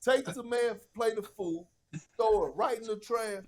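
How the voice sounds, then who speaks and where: Man, high-pitched voice, casual podcast storytelling, animated, profane. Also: unhurried. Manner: animated, profane, acts out quotes. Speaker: podcast guest.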